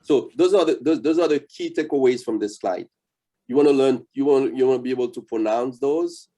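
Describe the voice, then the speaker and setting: A man's voice: medium pitch, fairly quick, mellow. A man with a Haitian accent teaching an interactive beginner language lesson, patient and explanatory, with fillers and repeated words.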